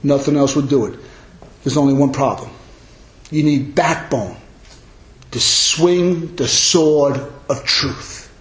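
A man preaching a sermon as pastor, forceful and emphatic, rising sharply on his strong points. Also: slow, pauses often. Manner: forceful, emphatic preaching with big pitch swings. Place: church. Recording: echoey church hall.

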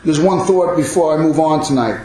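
A man preaching a sermon as pastor, impassioned, rising into loud cries on quoted lines. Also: a little high, brisk. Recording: very echoey hall.

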